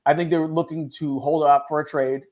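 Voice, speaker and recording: A man co-hosting a casual sports talk show, talking quickly and animatedly, often jumping in over the others. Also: fairly high pitch, flat delivery, a little mellow. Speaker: co-host.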